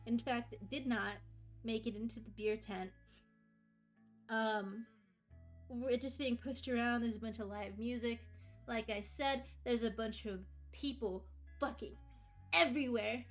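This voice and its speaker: Young American woman streamer, self-mocking storyteller, slightly high voice, faint music behind. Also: fairly even intonation, unhurried. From United States. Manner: rambling, self-mocking, with playful acted-out quotes. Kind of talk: casual chat telling a travel story.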